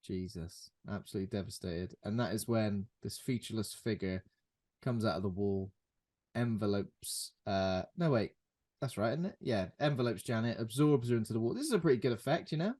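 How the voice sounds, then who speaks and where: Laid-back podcast co-host. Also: male voice, on the low side, animated, brisk, a little mellow. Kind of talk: casual film recap chat.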